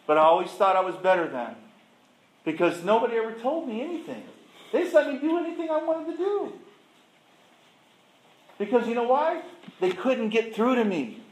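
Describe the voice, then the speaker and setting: A man's voice: sits high, big pitch swings, moderate pace, long pauses. A middle-aged man sharing his recovery story in an emphatic storytelling way, asking the audience rhetorical questions. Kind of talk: personal recovery testimony. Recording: echoey room.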